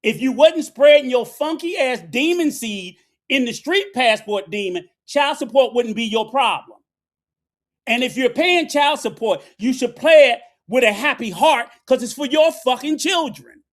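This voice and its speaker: Angry high-voiced man ranting. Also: animated, a little slow. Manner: angry, profane, preachy. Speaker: commentator. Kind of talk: ranting commentary.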